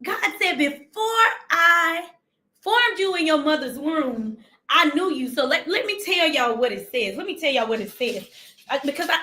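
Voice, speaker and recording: A woman preaching a livestream sermon, fervent and emphatic, repeating her phrases and slowing down to read scripture, close to tears. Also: high-pitched, bright, forceful tone. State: near tears.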